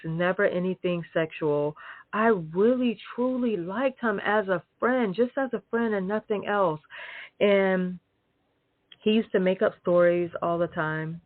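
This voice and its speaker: A woman's voice: on the low side, no echo. Woman vlogger, emphatic profane rant, thin phone-like audio in a dead-dry space. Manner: emphatic, profane, filler-heavy. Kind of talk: casual rant to camera. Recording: dry tinny phone-like sound.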